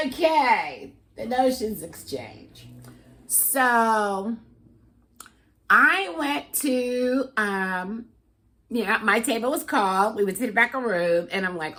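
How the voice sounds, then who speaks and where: A woman chatting to camera as a cross-stitch vlogger, gushing and excitable as she talks straight to her viewers. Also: mid-range voice, slow. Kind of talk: casual chat to camera.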